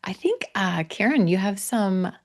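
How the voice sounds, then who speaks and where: A woman teaching English pronunciation on a video call, encouraging learners and modeling words slowly. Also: mid-range voice, lively intonation. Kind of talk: online English class coaching.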